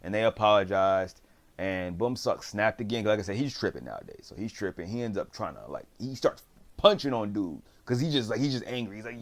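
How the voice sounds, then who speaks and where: Slangy, rambling man with a lowish voice. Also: expressive, brisk. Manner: slangy, rambling storyteller who acts out quotes. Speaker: drama reviewer. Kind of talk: casual recap of a TV series.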